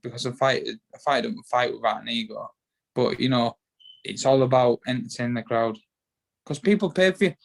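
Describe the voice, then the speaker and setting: A man with a Yorkshire accent in a casual interview, talking in a rambling way that repeats words and restarts often. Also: mid-range voice. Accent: Yorkshire English. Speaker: guest, bare-knuckle boxer.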